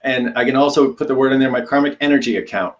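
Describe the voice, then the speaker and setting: A man's voice: medium pitch, fast talker. A man co-hosting a casual talk show, easygoing and joking, on a dull lo-fi remote line. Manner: easygoing, joking, laughs between thoughts. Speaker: co-host.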